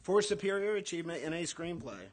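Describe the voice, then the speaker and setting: A man's voice: high-pitched, fast, slight background noise. A man presenting award nominees on stage, with wry, dry humor.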